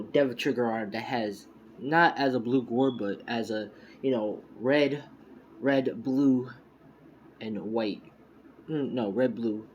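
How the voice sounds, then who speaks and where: A man's voice: fairly low pitch, darkish tone, a little hiss or hum. A man casually making up a fan story as he goes, rambling and correcting himself, with a lot of fillers. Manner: rambling, heavy use of "you know" and "you could say"; self-correcting, loose and informal.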